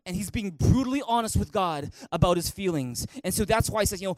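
A man's voice: sits high, lively intonation, fairly quick, hardly any pauses, no echo. A man preaching a sermon as pastor, calling the congregation to read aloud and respond. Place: church in Canada.

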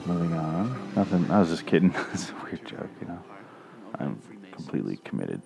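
Over music and movie sound, a low-voiced man with vocal fry and wide pitch swings keeps up a moderately paced stream of crude, sarcastic, profane commentary on the film he's watching.

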